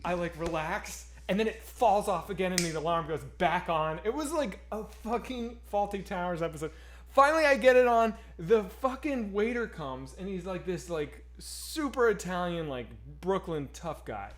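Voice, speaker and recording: A man with a notably high speaking voice, co-hosting a casual streamed chat. He tells stories in an animated, excitable rush, swearing freely as he goes. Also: normal speed. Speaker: podcast co-host.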